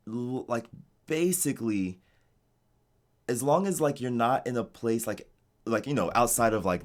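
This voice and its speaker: An American man in a casual interview, talking in a relaxed, rambling way with lots of "like". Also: mid-range voice. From United States. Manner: relaxed, rambling, heavy use of "like". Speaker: interviewee, game designer in Japan. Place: home streaming setup.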